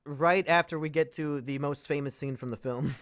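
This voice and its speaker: A man hosting a casual podcast, retelling a film in an animated, profane way and laughing often. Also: on the high side, moderate pace. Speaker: podcast host.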